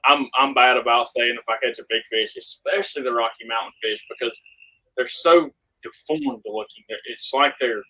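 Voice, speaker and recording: A young man, an angler guest telling a fishing story in a casual interview, animated and acting out the dialogue. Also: medium pitch, normal speed, low-quality recording. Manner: animated, reenacts dialogue, laughs often.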